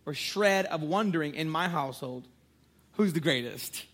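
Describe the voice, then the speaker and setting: A man's voice: fairly high pitch, lively intonation, moderate pace, fairly bright tone. A man in his thirties, a pastor preaching a sermon, praying fervently and telling playful, joking stories about his family. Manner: playful, joking storyteller who prays fervently.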